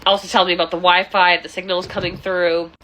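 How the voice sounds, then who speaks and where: Woman landlord vlogging, bright, animated storyteller; faint room noise behind. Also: on the low side, fast talker, poor audio. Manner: animated, exasperated, gossipy. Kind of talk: casual storytime vlog.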